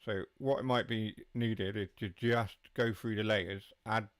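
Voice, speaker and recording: Man, streamer, low voice, dry close sound, chatty running commentary. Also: fairly even intonation, unhurried, dry recording. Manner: chatty, answers chat while driving. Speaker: game streamer. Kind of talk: live gameplay commentary.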